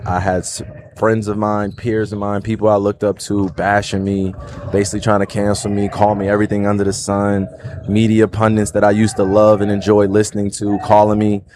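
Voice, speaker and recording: Man, 30s, New Jersey accent, livestream host, earnest reflective monologue, lowish voice. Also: darkish tone, slight background noise. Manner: earnest, repeats "right?" and "you know".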